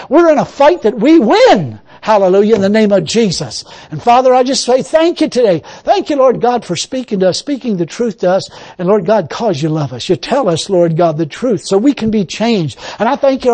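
A man's voice: sits high, a little mellow. A man pastor preaching and praying in a folksy way, repeating phrases and punctuating them with hallelujah. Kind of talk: sermon and spoken prayer.

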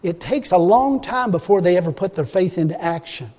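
A man preaching and telling a personal testimony in a folksy storytelling manner, swinging from loud emphasis to quiet groans. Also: high-pitched, expressive, a little fast. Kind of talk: sermon testimony. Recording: long hall reverb.

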